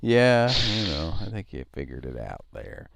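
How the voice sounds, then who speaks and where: A man hosting a casual chat show, rambling and halting with frequent laughs, his voice a little nasal. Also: rumbling low, huge pitch swings, vocal fry, crowd noise. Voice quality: nasal tonight. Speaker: show host. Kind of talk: casual radio-style chat.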